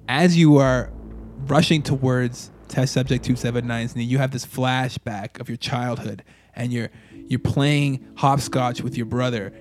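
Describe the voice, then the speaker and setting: A man's voice: medium pitch, darkish tone. A man narrating a tabletop game as game master, playful and laughing as he spins vivid scenes.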